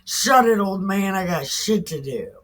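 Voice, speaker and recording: A woman's voice: medium pitch, lively intonation, a little slow, fairly bright tone, pitched above the performer's own voice. A woman voicing a blunt, sassy mother of old who talks in cussing street slang.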